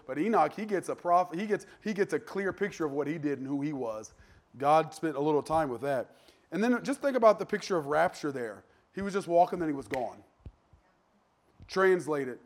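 A man preaching a sermon in a conversational way, animated, with sudden jumps in pitch and loudness and joking asides. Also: brisk.

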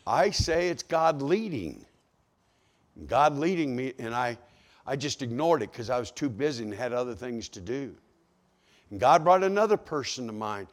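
A man preaching a sermon, telling a story with acted-out dialogue and swinging from hushed to loud. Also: medium pitch, animated, a little slow. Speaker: pastor.

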